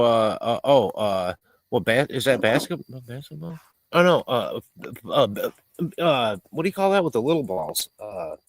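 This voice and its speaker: A man's voice: medium pitch, no echo. A middle-aged man hosts a casual live stream, cooking and chatting away while he reads out viewer comments. His voice swings up and down a lot, and he is recorded close and dry, with no room sound.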